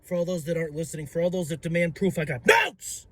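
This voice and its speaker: A young man ranting about football, excitable and profane, shouting and stumbling over his words. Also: on the high side, rapid-fire. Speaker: sports fan vlogger. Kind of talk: ranting fan commentary.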